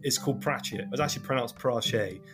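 A man's voice: mid-range voice, a little fast. Man, broad Devon accent, podcast co-host; rambling, self-mocking, laughs a lot; music behind. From Devon, England. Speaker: podcast host and game master. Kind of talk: casual chat.

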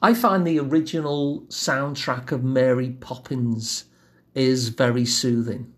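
Man, self-help teacher, gentle, measured, reassuring, middle pitch. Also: steady tone. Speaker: wellbeing teacher. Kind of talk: calm self-help lesson.

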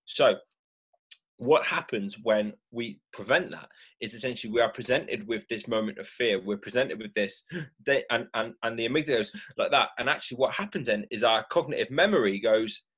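A man talking as a mindfulness speaker, explaining the brain's stress response in a lively way and acting out reactions with gasps. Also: medium pitch, a little fast, breathy edge. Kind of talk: animated explanatory talk.

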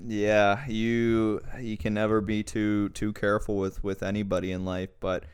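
A man's voice: on the low side, completely flat delivery, moderate pace, clear, resonant tone, no echo. A man in casual chat, laid back and blunt, cracking crude jokes. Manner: laid-back listener, short backchannels, blunt swearing jokes.

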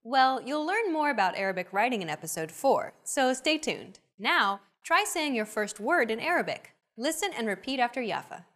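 A young adult woman hosting a language lesson, with clear, upbeat, teacherly scripted narration. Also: fairly high pitch, very animated, normal speed, hardly any pauses, fairly bright tone.

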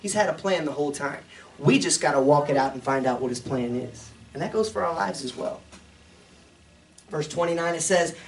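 A high-pitched man teaches scripture verse by verse like a pastor, talking it through casually and chuckling at his own asides. His voice sits some way back from the microphone, so it sounds distant. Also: normal speed. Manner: conversational, chuckling asides between readings. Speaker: pastor teaching a Bible study.

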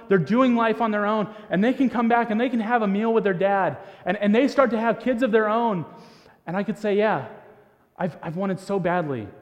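A man preaching a sermon as pastor, earnest and often repeating words as he restarts, sometimes dropping to a soft hushed voice. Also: sits high. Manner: drops to a soft, hushed voice for emphasis. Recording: long reverb of a large hall.

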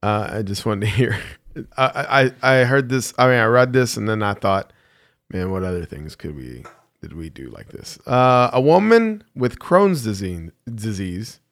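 A man's voice: lowish voice, sing-song, unhurried, fairly bright tone, no room sound. Hesitant man on a dry mic. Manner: hesitant, full of ums and restarts. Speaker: podcast co-host, singer. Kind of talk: casual chat.

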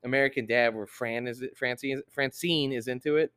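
A young man hosting a casual podcast, swearing constantly and ranting with loud outbursts. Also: mid-range voice, fairly even intonation, moderate pace, smooth. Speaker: podcast host.

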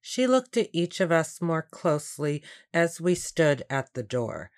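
A woman reads a storybook aloud in a calm, unhurried way. Her voice sits a little low and stays even from line to line. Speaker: audiobook narrator. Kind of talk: scripted storybook narration.

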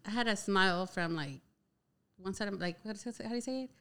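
A woman's voice: medium pitch, fast talker, clear, resonant tone. Chatty young woman telling a story. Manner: chatty, heavy use of "like" filler, animated retelling. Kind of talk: casual personal storytelling.

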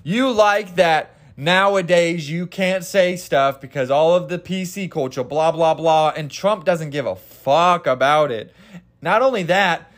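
High-voiced, rambling podcast man from Kansas. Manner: profane, rambling, self-correcting. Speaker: podcast host. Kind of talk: casual solo podcast rant.

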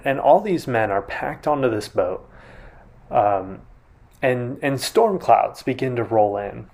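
A man's voice: mid-range voice, a little mellow. A man preaching a sermon in a conversational way, often restarting and retelling a scene vividly. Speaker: pastor.

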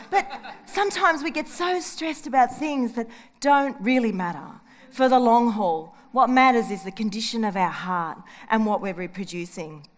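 Lively middle-aged woman preaching a sermon. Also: on the high side. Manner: lively and conversational, with personal stories and asides.

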